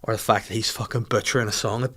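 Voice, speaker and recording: A brash, foul-mouthed woman pop singer, as a man mocks her swears through every line. The voice is pushed high and rough, with a whiny, mock-tearful edge. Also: level tone, fast talker, a bit bright.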